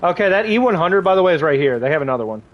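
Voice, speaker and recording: Young male gaming streamer, slightly high voice, loose and profane, rambling anecdotes. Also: sing-song, rapid-fire, muffled recording. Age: young adult. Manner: rambling storyteller, swears freely, many fillers. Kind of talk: casual live-stream chat while playing.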